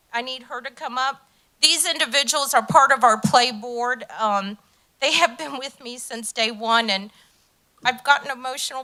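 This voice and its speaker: A woman's voice: high-pitched, bright, forceful tone. A woman addressing a county council meeting. She speaks enthusiastically, uses many filler ums, and gets emotional. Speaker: community delegation leader. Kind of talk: speech at a public council meeting.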